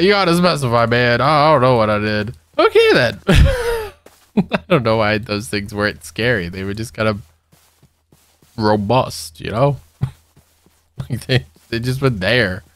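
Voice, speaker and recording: A man's voice: mid-range voice, moderate pace, fairly bright tone, clear, resonant tone, dry recording. A young man giving casual let's-play commentary, nervous and giggly, talking to the monsters he meets. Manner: nervous, giggly, talks to mobs. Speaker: gaming youtuber.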